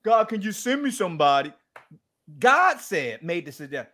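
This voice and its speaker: A man speaking as a guest, telling a story in a lively, preacher-like way and acting out the quoted dialogue. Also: high-pitched, moderate pace. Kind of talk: animated storytelling talk.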